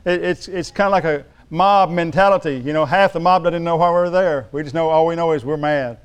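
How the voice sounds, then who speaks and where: A man preaching in a church with a high, smooth, resonant voice. He jokes with the congregation, then rises to emphatic, ringing declarations. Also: brisk. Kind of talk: sermon.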